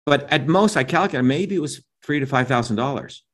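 A man's voice: mid-range voice, animated, a little fast, fairly bright tone. Emphatic lecturing middle-aged man. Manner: emphatic, lecturing, frequent "right?" and "you see?". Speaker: interview guest, inventor. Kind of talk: animated opinionated interview talk.

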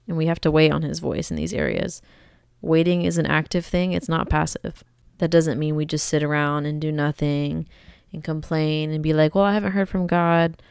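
A woman's voice: low voice, gravelly, clear, resonant tone, dry recording, studio quality. A young woman hosting a faith podcast, talking in an earnest, conversational, encouraging way. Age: young adult. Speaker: podcast host.

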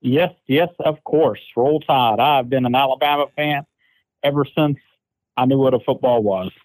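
A man from Florida, a guest in a casual chat, plain-spoken and halting with restarts. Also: mid-range voice, darkish tone, no room sound, low-quality recording.

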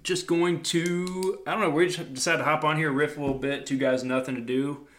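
A man's voice: on the high side, steady tone, brisk, a bit bright. A young man hosting a casual podcast, talking in a rambling, laid-back, self-mocking way. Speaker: podcast host.

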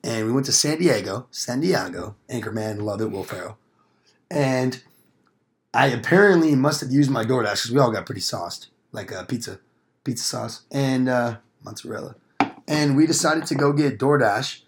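Young man, casual podcast storyteller, profane, rambling, acts out quotes, average pitch. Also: moderate pace. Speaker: podcast co-host.

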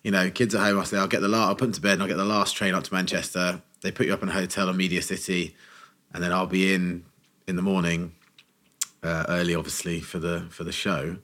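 Deep-voiced man telling a story. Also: fast. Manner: animated anecdote teller, acts out quotes. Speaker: podcast co-host telling a story. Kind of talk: casual storytelling chat.

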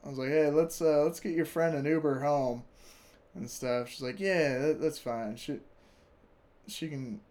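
A young man telling a story casually, animated and profane, laughing often and acting out what people said. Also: fairly high pitch, measured pace.

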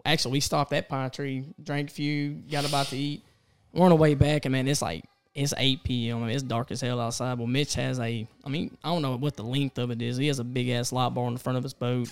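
A man's voice: medium pitch, a little fast, smooth. A young man telling a rowdy story among friends, swearing freely and acting out what others said. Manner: animated, swearing, acts out the voices of others.

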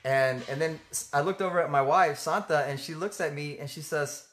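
A man co-hosting a faith talk, speaking earnestly and haltingly with many fillers and restarts. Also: fairly high pitch, fairly bright tone. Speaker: ministry co-host. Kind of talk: conversational faith teaching.

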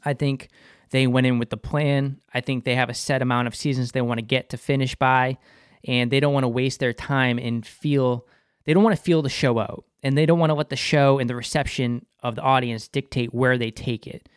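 The TV review host has a Boston accent and a smooth, medium-pitched voice with fairly even intonation at normal speed. He's casual and enthusiastic about the episode, sometimes naming himself by his show name in third person, in clean, dry studio sound.

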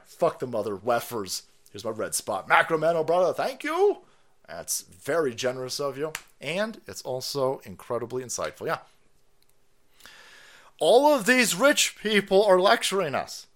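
A man hosting a stream, ranting with heavy swearing and sarcastic mockery of the clips he plays. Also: a little high. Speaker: streamer host. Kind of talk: profane political rant stream. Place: California.

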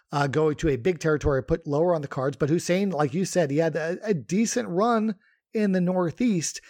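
A man's voice: fairly high pitch, darkish tone. A man co-hosting a casual podcast, talking in a conversational way with many fillers and restarts. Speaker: podcast co-host. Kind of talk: casual podcast chat about wrestling history.

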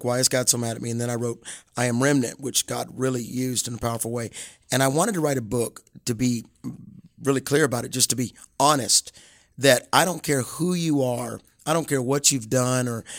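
A man's voice: medium pitch, a little fast, dry recording, clean studio sound. Southern American man, earnest storyteller. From Alabama, USA. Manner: earnest, animated storytelling with frequent restarts. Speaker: guest evangelist and author. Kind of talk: casual interview.

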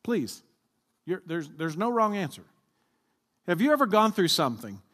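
A pastor with a raised, lively voice preaches to his congregation and keeps asking them to call out answers. His words ring out with a long hall reverb. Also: sits high, moderate pace. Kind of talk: sermon.

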